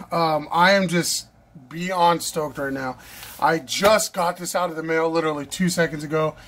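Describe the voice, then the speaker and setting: Slow-talking gushing man unboxing. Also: a little high, fairly bright tone. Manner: breathless, gushing and repeating himself. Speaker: knife collector vlogger. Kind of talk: excited unboxing vlog.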